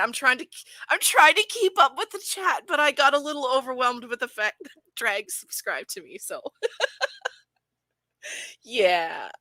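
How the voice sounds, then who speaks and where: A woman chats on a live stream in a rambling, giggly way, full of fillers and asides. Her voice is bright and crisp. The sound is dry, with no room around it. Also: a little high, dry recording. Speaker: streamer reviewing videos. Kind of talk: casual live-stream commentary.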